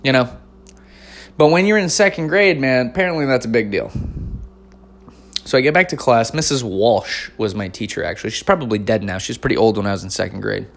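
A man's voice: medium pitch, fairly quick, vocal fry. A man in his thirties, hosting a podcast, tells a comic story in a loose, profane, rambling style. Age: 30s. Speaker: comedian podcast host.

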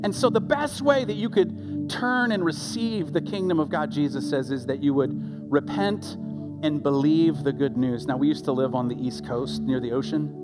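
A middle-aged man preaching a sermon as pastor, talking conversationally with lively asides and quick restarts. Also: on the high side. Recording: loud music under the voice.

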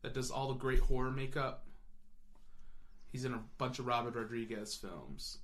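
A man co-hosting a podcast, chatting casually about movies in an animated, rambling way full of fillers and restarts. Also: medium pitch, normal speed. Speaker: podcast co-host. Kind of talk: casual film chat.

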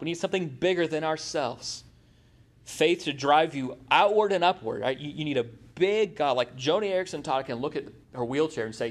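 A middle-aged man preaching a sermon in a conversational way, asking the congregation questions. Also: fairly high pitch. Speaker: pastor.

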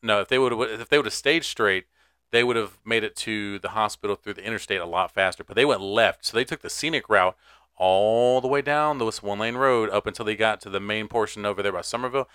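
Man, deep-ish smooth voice, casual profane podcast chat. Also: fast, a bit bright, no echo, clean studio sound. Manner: profane, laid-back storytelling with frequent laughs. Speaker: podcast co-host.

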